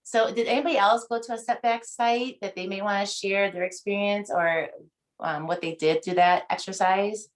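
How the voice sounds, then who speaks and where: A woman's voice: medium pitch, steady tone, normal speed. A woman in her forties, leading a book club discussion on a video call, telling a personal story in a rambling, emotional way with many restarts.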